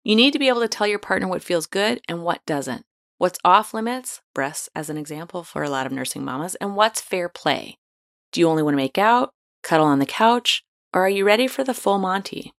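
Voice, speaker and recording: Frank, playful woman with a lowish voice. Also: lively intonation, brisk. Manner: frank, playful and encouraging, with casual slang. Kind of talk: scripted advice monologue.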